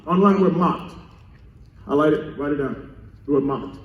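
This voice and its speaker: A male pastor preaching a sermon in call-and-response style, repeating key phrases and swinging from quiet teaching to shouted emphasis. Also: on the high side, animated, normal speed, pauses often, recorded from a distance. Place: church sanctuary. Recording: echoey church room.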